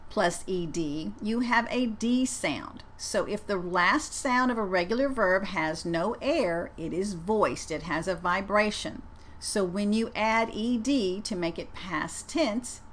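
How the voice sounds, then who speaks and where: Very slow, careful woman coach. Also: mid-range voice, fairly bright tone. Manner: over-enunciates each word, repeating it twice. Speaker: English pronunciation coach. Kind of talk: slow, deliberate pronunciation lesson.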